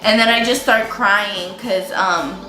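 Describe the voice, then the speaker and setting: A woman's voice: medium pitch, unhurried, pushed and bright. A young woman vlogger telling a casual storytime while doing her makeup, chatty and full of likes and ums, saying she feels sick. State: feeling sick. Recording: echoey room with faint music.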